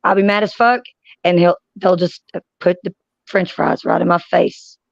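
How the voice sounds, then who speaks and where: A woman's voice: lowish voice, steady tone, moderate pace, gravelly, no echo. A woman, chatting casually with friends as a streamer, blunt and profane as she tells stories. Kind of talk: casual chat. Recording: dry, dull lo-fi sound.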